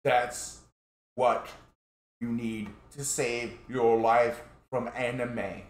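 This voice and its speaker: A man's voice: medium pitch, little pitch movement, extremely slow. Guy doing a pushy preacher dude, keeps repeating himself, echoey room. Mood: insistent. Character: pushy male street preacher, insistent.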